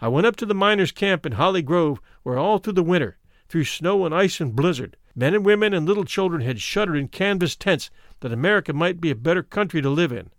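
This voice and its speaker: A man narrating a first-person memoir as an audiobook in a measured, solemn manner. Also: on the high side, lively intonation, no echo, studio quality.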